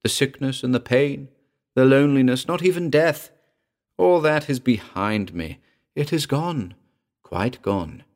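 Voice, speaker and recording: A man's voice: medium pitch, lively intonation, a little slow, a little mellow, pitched above the performer's own voice. A man voicing the ghost of a dead actress, speaking tenderly and sadly in a throbbing contralto. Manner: tender, mournful.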